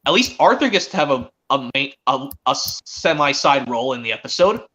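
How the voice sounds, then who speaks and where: A man hosting a stream, chatting excitedly as a fan and rambling with frequent restarts. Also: medium pitch, a little fast. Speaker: stream host. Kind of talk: casual fan chat. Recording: dull lo-fi stream audio.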